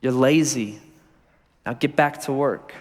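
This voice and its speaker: A man's voice: mid-range voice, slow pace, natural voice. A man voicing a harsh ancient slave-driver king who barks curt orders, in a reverberant auditorium. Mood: barking.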